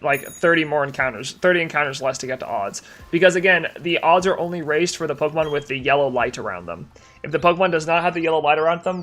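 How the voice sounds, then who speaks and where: A man's voice: a little high, fairly bright tone. Tired, chatty young male streamer. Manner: chatty, answering chat while playing. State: tired, yawning. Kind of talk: casual live-stream chat.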